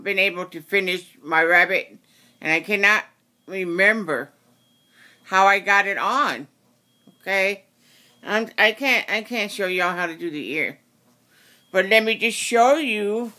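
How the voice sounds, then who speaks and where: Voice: mid-range voice, pushed and bright. A craft tutorial host giving a casual how-to demonstration, rambling and often correcting and apologizing.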